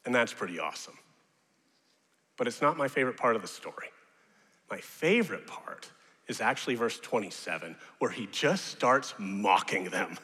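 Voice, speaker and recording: A man preaching a sermon as pastor, animated and rising now and then to loud mocking shouts. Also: on the low side, moderate pace. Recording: long reverb of a large hall.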